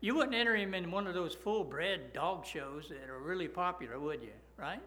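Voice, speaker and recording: Guy preaching in a church, pretty high bright voice, keeps saying "right?". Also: animated, normal speed. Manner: preaches with frequent "right?" tag questions and asides. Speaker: pastor. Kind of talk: sermon.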